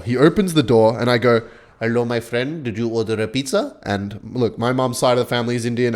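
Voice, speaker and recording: A young man chatting excitedly while playing a game, mixing play-by-play commentary with a story. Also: mid-range voice. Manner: excitable, chatty, swings between hype and muttering. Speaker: gaming YouTuber. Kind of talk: live gameplay commentary with storytelling.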